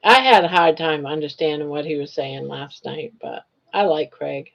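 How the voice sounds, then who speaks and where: A woman's voice: low-pitched, moderate pace, vocal fry, muffled recording. An older woman hosting a casual crochet live stream, chatting, teasing viewers and counting stitches aloud.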